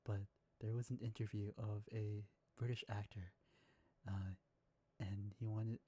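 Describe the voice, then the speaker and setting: A Southern American man with a low, mellow, slightly husky voice hosts a laid-back stream chat. He sounds easygoing and laughs often between his thoughts. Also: flat delivery, measured pace. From Southern United States. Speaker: ASMR streamer host. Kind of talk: casual chat.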